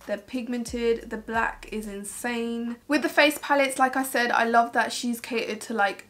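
A woman beauty vlogger talks casually to camera, gushing about products. Her voice sits a little high, and her speech is loose and full of "like"s. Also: fairly bright tone, a little hiss or hum. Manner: chatty and gushing, many filler "like"s. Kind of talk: casual makeup review to camera.

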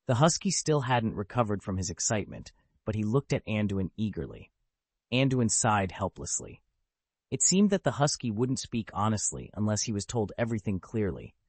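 A man's voice: fairly low pitch, big pitch swings, moderate pace, darkish tone, slightly rough, no echo. A man narrating a web novel as an audiobook, telling the story steadily.

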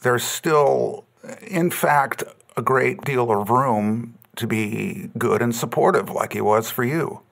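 A man hosting a casual interview podcast, offering slow, thoughtful reflections between his guest's stories. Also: medium pitch, vocal fry. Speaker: podcast host.

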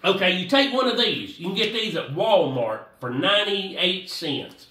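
Folksy rambling man, bright voice. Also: high voice, big pitch swings, moderate pace, reverberant, distant mic. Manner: rambling, repeats himself, folksy. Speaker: fishing vlogger. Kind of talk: casual how-to talk.

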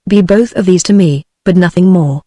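A woman's voice: lowish voice, moderate pace, dark tone, dry recording, clean studio sound, natural voice. British synthetic woman reading a sorrowful fragile singer. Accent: British English. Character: sad, fragile young singer, female.

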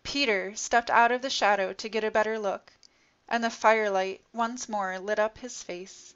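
A woman narrating a story in an expressive, dramatic reading style. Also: mid-range voice, normal speed, smooth. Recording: dull lo-fi recording.

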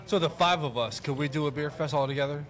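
A man's voice: on the high side, quick pace. A man co-hosting a live podcast, easygoing as he prompts the discussion. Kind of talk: rowdy live podcast banter.

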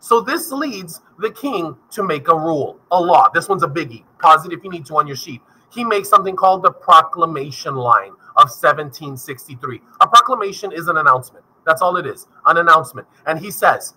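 A male history teacher giving an energetic recorded video lesson, speaking straight to his students. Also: fairly high pitch, fairly quick, breathy edge, rough recording. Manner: energetic, addresses students directly.

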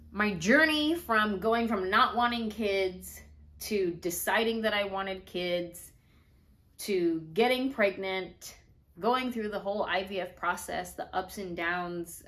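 Animated pregnant woman telling her story. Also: medium pitch. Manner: animated, acts out her own and others' quoted lines. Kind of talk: casual storytelling.

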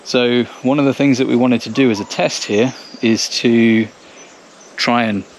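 A man explaining a garden build to camera in a relaxed way, with small hesitations. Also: mid-range voice, a little slow, a little hiss or hum. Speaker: co-host of a gardening channel. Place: outdoors in a garden.

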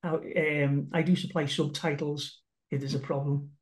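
A soft-spoken man with a Liverpool accent, his voice sitting fairly high for a man. He talks gently and patiently as a life coach, stopping and restarting his phrases as he finds the words. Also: little pitch movement, normal speed. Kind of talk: casual interview conversation.

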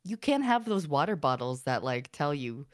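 A woman with a lowish voice that swings wildly up and down chats on a livestream. She trades crude deadpan jokes and bursts into loud laughter. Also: moderate pace. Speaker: streamer co-host. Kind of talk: casual livestream chat.

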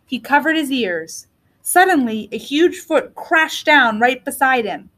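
A woman teacher reading a storybook aloud to young children in an expressive, animated way. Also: high-pitched, a little slow. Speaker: kindergarten teacher.

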